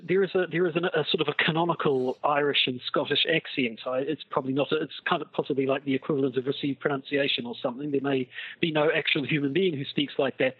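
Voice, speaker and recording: A man's voice: a little high, breathy edge, no room sound. A man co-hosting a podcast over an internet call, talking in long, rambling sentences with dry humor. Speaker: podcast co-host. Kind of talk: casual chat over a call. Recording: muffled tinny internet call line.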